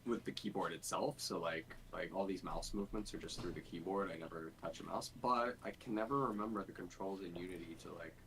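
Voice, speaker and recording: A man's voice: low-pitched, fairly quick, few pauses, fairly bright tone, slight background noise, rough recording. A man streaming game development, thinking aloud in a casual, rambling way with lots of fillers. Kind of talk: casual dev stream chat.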